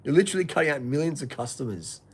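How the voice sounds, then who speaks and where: A man's voice: a little high, animated, racing, slight background noise. A man in a casual chat who talks in a laid-back, blunt way, dropping "man" and "like" often.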